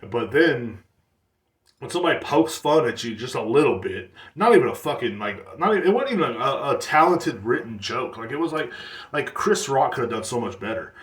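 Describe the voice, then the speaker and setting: Man, podcast host, casual rant, swears a lot, rambling, filler-heavy, mid-pitched, roomy echo. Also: lively intonation, fairly quick, a bit bright. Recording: echoey room.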